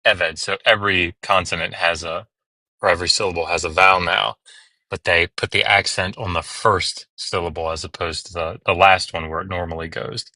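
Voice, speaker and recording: A man's voice: sits low, fairly even intonation, normal speed, pushed and bright, no echo. A man hosting a live stream, patiently explaining Hebrew pronunciation step by step with many fillers. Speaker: host teaching biblical Hebrew. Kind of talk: casual live-stream tutoring.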